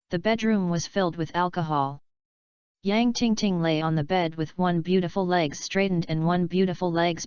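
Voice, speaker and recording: A woman narrating a novel audiobook in an even, unhurried reading voice. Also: lowish voice, clean tone, no echo. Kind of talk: scripted narration. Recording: dull lo-fi dry recording.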